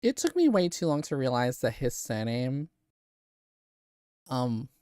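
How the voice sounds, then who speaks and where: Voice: mid-range voice, sing-song, unhurried, warm tone. A streamer chatting casually while playing a story game, laughing often, swearing and restarting sentences. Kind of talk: casual live gameplay chat.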